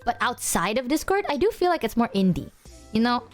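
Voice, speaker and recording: A woman's voice: on the high side, big pitch swings, fairly quick, soft background music. A young woman streaming and chatting casually with her viewers, bubbly, laughing often and swearing freely.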